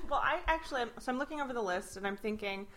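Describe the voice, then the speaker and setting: Bright, upbeat woman podcast guest. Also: fairly high pitch, expressive, quick pace. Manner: upbeat, chatty, laughing easily. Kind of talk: casual podcast chat about films.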